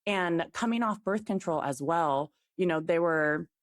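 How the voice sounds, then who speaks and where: A young woman with a low speaking voice talks eagerly as a podcast guest, leaning on casual fillers. The sound is dry and close to the mic. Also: a little slow, no echo. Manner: chatty, fillers of "like", enthusiastic. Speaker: guest, fertility app CEO.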